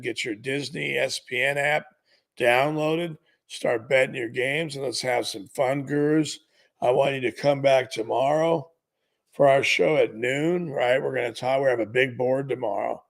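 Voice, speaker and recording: Fifties male betting-show host with a gravelly, fry-edged voice, upbeat and direct with viewers. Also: mid-range voice, fairly bright tone. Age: 50s. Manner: upbeat, repeatedly calls viewers "gurus". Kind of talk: live sports betting show. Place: studio.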